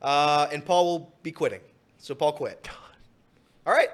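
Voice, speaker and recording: A man's voice: on the high side, unhurried. A man co-hosting a casual sports radio show, joking and teasing with a laugh in his voice. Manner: teasing and jokey, laughing often. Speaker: radio co-host and producer.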